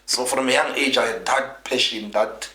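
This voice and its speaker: A man's voice: mid-range voice, steady tone, normal speed, sharp tone. A man, a politician being interviewed, telling his story in an earnest, rambling way full of restarts. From South Africa. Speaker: guest politician. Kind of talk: interview, recounting his life. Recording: roomy echo.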